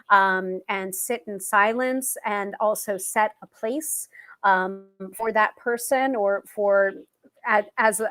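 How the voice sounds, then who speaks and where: A woman's voice: mid-range voice, fairly bright tone. A woman hosting a live tarot stream, talking casually with many fillers and restarts.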